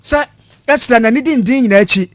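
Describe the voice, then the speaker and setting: A male news co-host with a Ghanaian accent talks in a high, light voice. The sound is close and dry, as from a studio mic, and his delivery is chatty and loose, moving between two languages. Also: a little fast, fairly bright tone, no room sound. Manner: chatty, switches between Twi and English. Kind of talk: casual news commentary.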